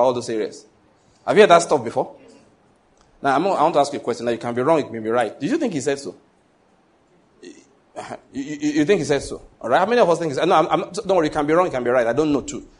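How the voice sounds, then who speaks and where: A man preaching a sermon, emphatic and storytelling, with repetition and call-and-response. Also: fairly high pitch. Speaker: pastor.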